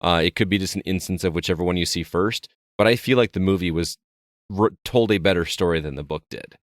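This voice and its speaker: A man co-hosts a casual podcast, wandering through an anecdote and restarting his sentences as he goes. His voice sits very low, and the recording is dry with no room sound. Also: quick pace, no room sound. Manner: rambling, storytelling, frequent restarts. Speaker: podcast co-host. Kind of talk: casual chat.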